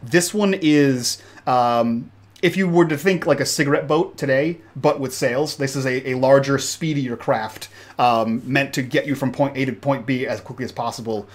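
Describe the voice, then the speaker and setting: A man at mid pitch runs a tabletop role-playing game, describing the action in a loose, off-the-cuff narration. He pauses and restarts as he builds the scene, then turns it back to the players. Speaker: game master.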